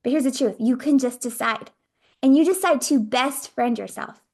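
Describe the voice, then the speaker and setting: A woman's voice: sits high, normal speed, darkish tone. A woman hosting a motivational talk show, speaking straight to the listener in an upbeat, encouraging way and acting out the voice in her head. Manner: upbeat, encouraging, acts out inner dialogue. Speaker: podcast host.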